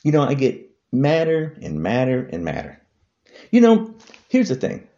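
A mellow-voiced man vlogs an angry political rant at a measured pace, his pitch swooping wildly between high and low. He keeps throwing the same insults at the camera, and the recording loses its high frequencies.

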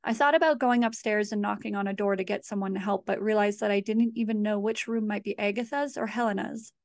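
A woman reads her horror fiction aloud in a measured, steady way. Her voice sits at a middling pitch, and the recording is dry and close, with no room sound. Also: no room sound. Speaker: author. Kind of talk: horror story reading.

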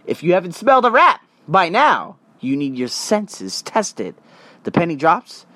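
A man's voice: on the high side, measured pace, no echo. A young adult man hosting a podcast, telling a story as a casual, profane rant and acting out the other people in it. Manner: animated, profane, acts out other people's voices. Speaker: podcast host.

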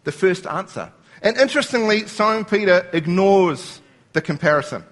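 A man's voice: sits high, lively intonation, moderate pace. A man preaching a sermon, explaining scripture word by word and quoting lines as he goes.

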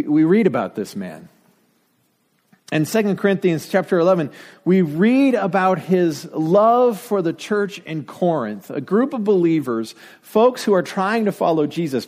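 A pastor from Denver, United States, preaches a sermon packed with rhetorical questions and dry asides. His voice is a little high and a little mellow, and the recording carries long reverb from a hall.

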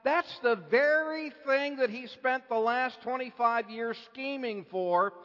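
A man preaching a sermon, moving between hushed lines and impassioned outbursts with slow, deliberate phrasing. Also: extremely high pitch. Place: church hall. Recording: dull lo-fi recording with long hall reverb.

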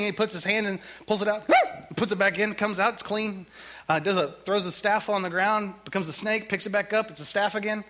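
A male pastor preaching a sermon in a church, joking and conversational in an animated way. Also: high-pitched, brisk.

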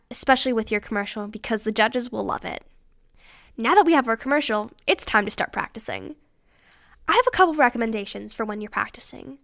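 A woman's voice: on the high side, a bit bright. Upbeat teenage girl giving pageant tips. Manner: upbeat, instructive, emphatic on dos and don'ts. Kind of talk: scripted advice talk.

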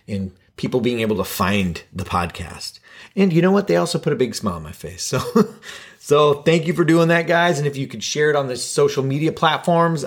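A man hosting a podcast alone, talking in a casual, rambling and self-deprecating joking way. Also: medium pitch. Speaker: podcast host. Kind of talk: casual solo podcast monologue.

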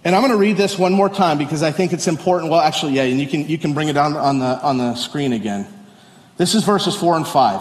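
A man pastor giving a sermon, chatting casually with the congregation and reading scripture slowly and solemnly, in a church sanctuary. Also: on the high side. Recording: echoey hall with long reverb.

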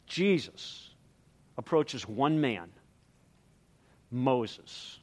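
A man preaching a sermon in an animated, dramatic way, swinging between loud emphasis and hushed, quiet lines. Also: on the high side, a little slow. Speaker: pastor.

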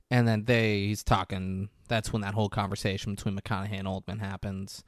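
A man with a lowish voice tells a movie's story in loose, profane chat. He acts out the lines as he goes. His voice sounds dry and close. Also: quick pace, hardly any pauses, dry recording. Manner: animated storytelling, acting out quoted lines, profane. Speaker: podcast co-host. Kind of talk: casual movie recap chat.

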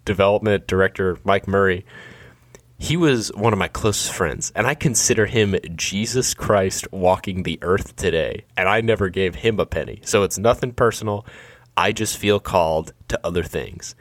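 A man's voice: deep voice, normal speed, dry recording. A man doing a blunt, pushy salesman. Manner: brusque and talkative. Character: blunt, opinionated middle-aged male salesman.

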